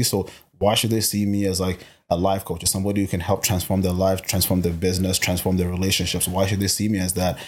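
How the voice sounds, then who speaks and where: A fairly low-voiced man who grew up in Botswana speaks in a casual interview, with fire and energy. He restarts sentences often and jumps in pitch when he gets excited. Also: slightly rough. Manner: energetic, passionate, many restarts. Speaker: interview guest, life coach.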